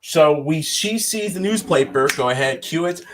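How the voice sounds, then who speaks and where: A man's voice: fairly high pitch, lively intonation, fairly bright tone, a little hiss or hum. A man co-hosting a podcast, casually recapping an episode and acting out characters' lines as he goes. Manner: rambling, quick recaps with voiced-out quotes. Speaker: podcast co-host.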